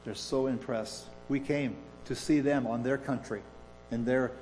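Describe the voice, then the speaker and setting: A man preaching a sermon, halting and restarting, putting questions to his listeners. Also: medium pitch, fairly even intonation, darkish tone, slight background noise. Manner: halting, restarts often, asks the audience questions. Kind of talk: sermon with a read-aloud story. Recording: reverberant hall.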